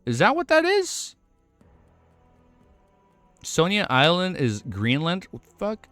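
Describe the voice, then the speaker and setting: A young American man reacting to a webnovel on stream, excitable and swearing often, laughing as he talks. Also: sits high, slow pace, dry recording, faint music behind. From United States. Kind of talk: casual reaction commentary.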